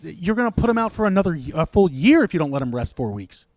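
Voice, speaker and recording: Lively, high-voiced man arguing sports. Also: fast talker, dry recording. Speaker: podcast co-host. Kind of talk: casual sports chat.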